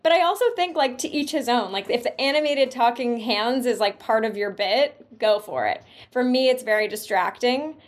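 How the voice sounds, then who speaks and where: A woman guest on a podcast, talking fast and animatedly about her own voice. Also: on the high side. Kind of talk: casual chat.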